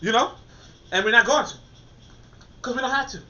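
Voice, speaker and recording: A man giving a casual spoken commentary in an animated way, restarting phrases and saying "you know" often. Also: very high-pitched, moderate pace, dull audio.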